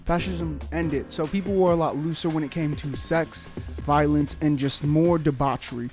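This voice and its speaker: A man's voice: a little high, fairly even intonation, normal speed, a little mellow, soft background music. A man giving a casual video essay as a YouTuber, joking and rambling with lots of fillers and swearing.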